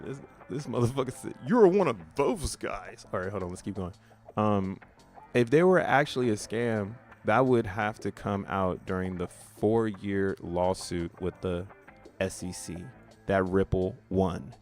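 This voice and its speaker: A man's voice: deep voice, measured pace, soft background music. A man casually streaming, reading social media posts aloud with profane slang and frequent laughter. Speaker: crypto streamer.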